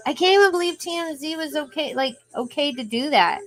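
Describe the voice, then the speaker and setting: A woman's voice: high voice, brisk, fairly bright tone. A young woman live streaming, chatting casually to her viewers as she reacts to videos.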